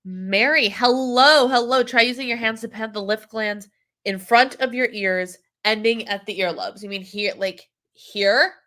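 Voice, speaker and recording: A woman's voice: on the high side, normal speed, pushed and bright. A woman, hosting a casual wellness livestream, a little nasal and congested from a cold, chatting with viewers by name. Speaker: wellness coach and livestream host.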